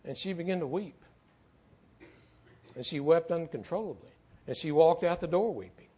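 A man's voice: a little high, normal speed, dark tone, husky, muffled recording. A middle-aged man tells a story in a sermon, speaking earnestly and often repeating words as he goes. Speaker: church speaker, former firefighter.

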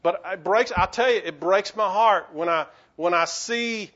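Earnest preacher guy, higher voice, lots of stammery restarts, muffled lo-fi audio. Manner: swings between rising urgency and quiet, halting lows. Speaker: pastor. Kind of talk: sermon.

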